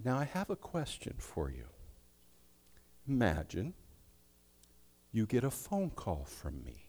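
A man preaching as a pastor, telling a story in a conversational sermon style with soft asides. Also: on the low side, huge pitch swings, takes it slowly, pauses often, big-room sound.

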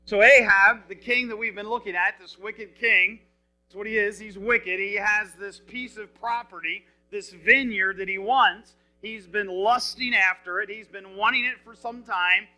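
On a rough recording, a man with a high, unhurried voice preaches a sermon. He retells scripture in plain everyday language, lively and expressive, and puts questions to his listeners.

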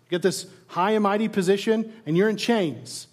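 A man's voice: high-pitched, moderate pace. A man preaching a sermon as pastor, earnest, firing rhetorical questions at the congregation and now and then stammering on a repeated word.

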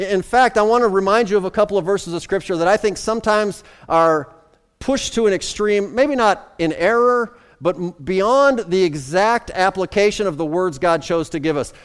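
A man's voice: fairly high pitch, smooth, in a large hall. A male pastor preaching a sermon in a conversational way, often checking in with his listeners. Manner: conversational preaching with repeated checks like "right?" and "okay?".

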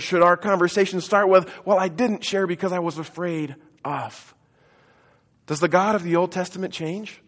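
A man preaching a sermon to his congregation, leading call-and-response and swinging between loud declarations and hushed lines. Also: high-pitched. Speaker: pastor. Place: church sanctuary. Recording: echoey church hall.

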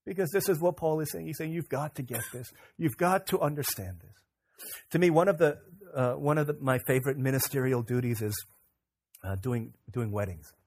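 A man in his thirties preaching a sermon as a pastor, swinging from soft and low to loud and high when he stresses a point. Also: moderate pace.

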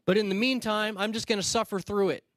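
A male pastor preaching a sermon, telling stories in a conversational way with quick asides and restarts. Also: high-pitched, steady tone, fairly bright tone, no echo, studio quality. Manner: storytelling, conversational with quick asides and repeated starts.

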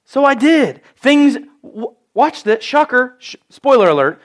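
Guy preaching, kinda high voice, tells his own stories, really emphatic. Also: lively intonation, unhurried. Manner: storytelling, emphatic and personal. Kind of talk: sermon.

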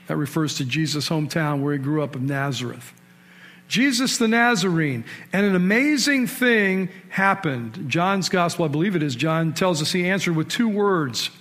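A man preaching a sermon in a conversational storytelling way, asking his listeners questions and rising sharply in pitch and volume to stress key points. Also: expressive, normal speed, hardly any pauses. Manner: storytelling, with sudden rises in pitch and loudness for emphasis. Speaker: pastor.

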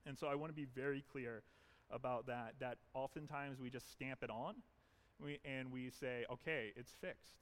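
A man's voice: medium pitch, fairly even intonation, normal speed. Earnest man preaching a sermon. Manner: earnest, emphatic preaching with repetition. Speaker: pastor. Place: church.

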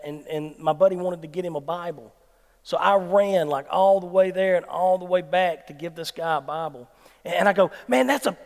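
A man with a Southern American accent preaching a sermon as an animated storyteller. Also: high-pitched. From Mississippi, US South. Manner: animated storyteller who acts out quoted people. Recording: long hall reverb.

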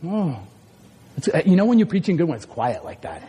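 A man preaching a sermon as pastor, loud and passionate, swinging between shouts and quieter asides. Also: on the high side, huge pitch swings, fairly quick. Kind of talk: energetic sermon. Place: large hall or church. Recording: echoey hall.

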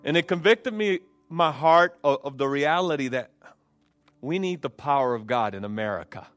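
A man's voice: on the high side, lively intonation, normal speed, a bit bright, dry recording, faint music behind. A man preaching a sermon and leading prayer at a church service, with fervent delivery, repeated phrases and frequent fillers. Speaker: pastor.

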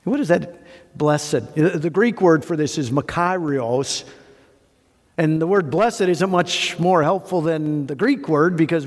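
A man preaching a sermon with animated, conversational delivery and a somewhat high voice. He poses rhetorical questions and stacks up lists of words. The sound carries a long reverb, as in a large hall. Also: a little slow. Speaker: pastor.

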